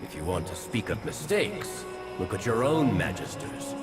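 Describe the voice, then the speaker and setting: A defiant elf scholar. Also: male voice, lowish voice, big pitch swings, moderate pace. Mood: reproachful. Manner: scornful, self-assured. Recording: game cutscene audio with music and reverb.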